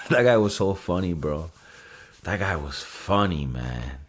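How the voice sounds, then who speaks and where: A man's voice: lowish voice, big pitch swings, measured pace, fairly bright tone. A man hosting a casual podcast chat, rambling and thinking aloud with many fillers and restarts, swearing freely and laughing often. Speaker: podcast host reviewing a movie.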